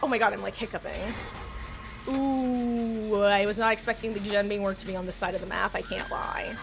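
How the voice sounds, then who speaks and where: A woman's voice: mid-range voice, fairly even intonation, fast talker, vocal fry, music in the background. A woman livestreaming a game, chatting casually and rambling to her viewers on a desk microphone. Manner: chatty, rambling, talks straight to chat. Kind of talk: casual gaming stream chat.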